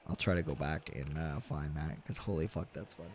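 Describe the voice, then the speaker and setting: A young man streaming a hockey video game, casually commenting, swearing a lot and yelling at big plays, tired and yawning. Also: very deep voice, fairly quick, slight background noise. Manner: excitable, swears often, yells at big plays. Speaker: gaming streamer.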